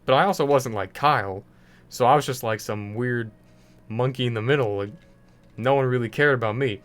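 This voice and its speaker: A man's voice: medium pitch, moderate pace. A young man ranting casually over gameplay, full of fillers and restarts. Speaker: gaming video creator.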